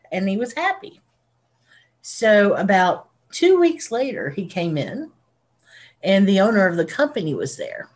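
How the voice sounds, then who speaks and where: Chatty woman podcast co-host. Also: mid-range voice. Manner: animated storyteller who laughs often. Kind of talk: casual chat.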